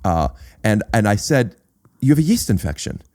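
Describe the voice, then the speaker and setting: A man with a fairly low voice hosts a casual podcast chat. He tells a long personal story, stumbling over his words, repeating himself and filling the gaps with uh. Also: very animated, a little mellow. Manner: halting, repeats words and says uh often while telling a story. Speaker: podcast host.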